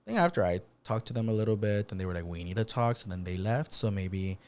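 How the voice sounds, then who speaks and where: A man's voice: on the low side, lively intonation, fast, darkish tone, clear, resonant tone. A young man co-hosting a podcast, retelling stories animatedly, acting out quotes and mixing in Spanish slang. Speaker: podcast co-host. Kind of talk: casual chat.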